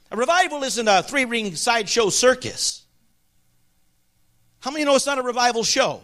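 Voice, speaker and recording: A man preaching a sermon with emphasis, his voice rising high and dropping low, and asking the congregation for agreement. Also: animated, moderate pace, long pauses. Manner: emphatic, swings between ringing highs and hushed lows.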